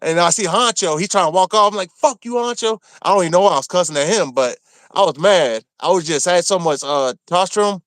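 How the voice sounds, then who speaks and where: A man from Maryland telling a rough story from his time in prison, cursing freely and acting out what people said. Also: high-pitched, quick pace, no room sound. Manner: animated, profane, acts out quotes. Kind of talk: casual storytelling.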